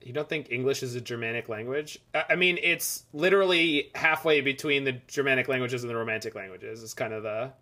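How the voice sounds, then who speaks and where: A man's voice: mid-range voice, a little fast, hardly any pauses, sharp tone. Chatty man commenting on a game. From Canada. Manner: rambling, chatty asides between plays. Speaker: streamer. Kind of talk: casual gameplay commentary.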